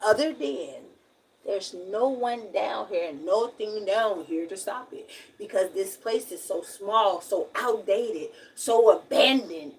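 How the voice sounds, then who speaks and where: A young woman with a Southern drawl talks frankly and at length, venting on her livestream in a breathy, husky voice of middle pitch. She rambles, repeats herself and leans on words for emphasis. She sits a little back from the microphone, so the sound is slightly distant. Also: lively intonation, takes it slowly. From Alabama.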